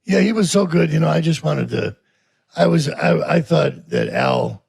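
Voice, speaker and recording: A man in his sixties, a guest actor in a casual interview, talking haltingly with many restarts and an easy "man". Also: fairly high pitch, sing-song, vocal fry, darkish tone. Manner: halting, repeats himself, says "man" often.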